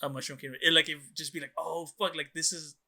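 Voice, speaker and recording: A man co-hosting a casual movie review podcast, excitable, swearing freely and acting out quotes. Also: a little high, very fast. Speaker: podcast co-host.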